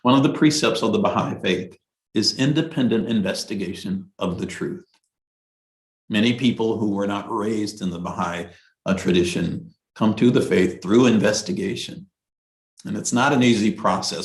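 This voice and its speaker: Man, lowish voice, expressive reader; repeats scripture lines for emphasis; roomy echo. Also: moderate pace. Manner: reads passages aloud then repeats them with emphasis. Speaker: speaker at a Bahá'í devotional. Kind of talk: reading and commenting on scripture. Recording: echoey room.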